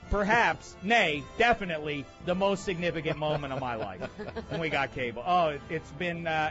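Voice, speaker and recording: High-voiced man ranting on sports radio. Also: fairly bright tone, lo-fi sound. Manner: sarcastic, emphatic ranting. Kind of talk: comedic sports commentary rant.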